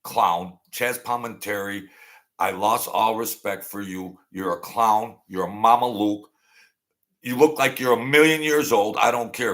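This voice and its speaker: A man's voice: on the low side, unhurried, a bit bright. A man hosting a show, delivering a sarcastic, mocking rant. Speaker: host. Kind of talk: ranting commentary.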